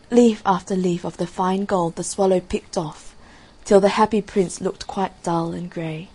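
Female storyteller for a fairy tale; breathy tone, lowish pitch, calm and measured. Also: low-quality recording. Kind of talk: storybook reading.

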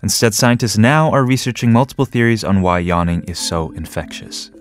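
Guy radio host, lowish voice, dry studio mic, reads a bit then jokes around. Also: expressive, a little fast, no room sound. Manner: chatty, jokes and laughs between scripted reading. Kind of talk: radio show hosting. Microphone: studio microphone.

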